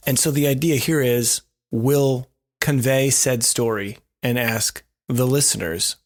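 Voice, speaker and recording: A man's voice: medium pitch, a little slow. A man co-hosting a podcast, telling a self-deprecating story in a wry, casual way. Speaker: podcast co-host.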